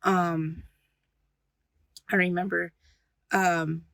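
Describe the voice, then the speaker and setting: A woman recounts what she witnessed, stopping and restarting often. Her delivery is slow and her tone bright and forceful. The recording is dry and close. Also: lowish voice, little pitch movement, vocal fry, dry recording, low-quality recording. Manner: halting, full of fillers and restarts. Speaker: paranormal investigator. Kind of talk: recounting an experience in an interview.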